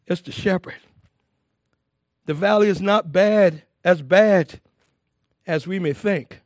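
A man preaching a sermon to a congregation, lively and emphatic, with frequent laughs and repeated phrases. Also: sits high, takes it slowly, long pauses, no room sound, clean studio sound.

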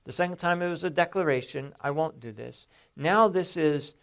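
A man delivers a sermon as a Bible teacher, walking through scripture step by step. His voice sits a little high and carries a gravelly edge. He leans hard on quoted lines for emphasis. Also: animated, moderate pace.

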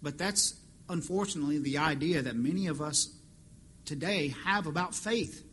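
A man's voice: on the high side, moderate pace, fairly bright tone, slight background noise. A man preaching a sermon as pastor, impassioned and rising to emphatic peaks. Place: church fellowship hall.

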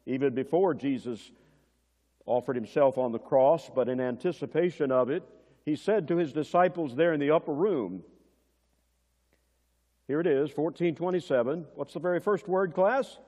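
A male preacher delivering a sermon, swinging between loud emphasis and hushed moments, and asking the congregation questions like a teacher. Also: a little high, normal speed. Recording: dull sound, long church reverb.

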